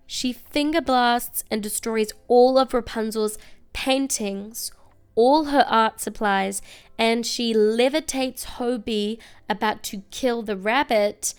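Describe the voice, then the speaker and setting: A young woman hosting a casual, comedic recap, chatty and wry with quick asides. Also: a little high, clean tone. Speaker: video essay host.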